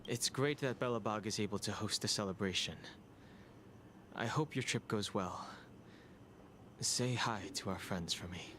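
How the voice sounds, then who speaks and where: A reserved young man in a game, speaking low and very slowly. He sounds soft-spoken and hesitant, with faint noise under the audio. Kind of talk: game character dialogue.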